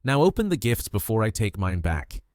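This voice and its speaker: A man's voice: lowish voice, very animated, normal speed, darkish tone, no echo, studio quality. A man reading a joking, proud young man. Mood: teasing. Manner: teasing, playful.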